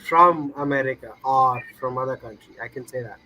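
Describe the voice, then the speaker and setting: Bright-voiced man, non-native English speaker. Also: medium pitch, a little fast, slight background noise, poor audio. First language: not English. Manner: hesitant, searches for words. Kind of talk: casual chat.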